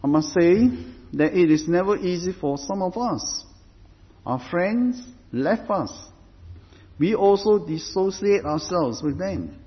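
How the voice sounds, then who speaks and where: A man with a fairly high voice preaches a sermon at an unhurried, deliberate pace. He repeats phrases as he builds each point. The recording sounds dull, and a long hall reverb trails after his words. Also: expressive.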